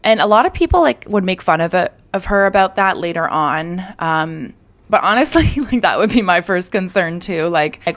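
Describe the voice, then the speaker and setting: A woman's voice: on the low side, big pitch swings, brisk, fairly bright tone. Chatty young woman telling a true crime story. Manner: chatty, full of "like" and "you know".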